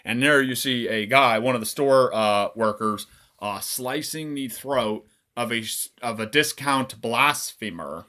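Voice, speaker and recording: A man casually reading his own dark comic aloud, irreverent and swearing, chuckling between lines. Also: mid-range voice, a little slow.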